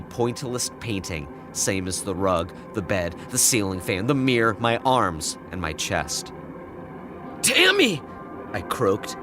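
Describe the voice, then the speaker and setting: A man's voice: medium pitch, rough recording. Dramatic male horror narrator over music. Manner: dramatic, swinging between hushed dread and shouting.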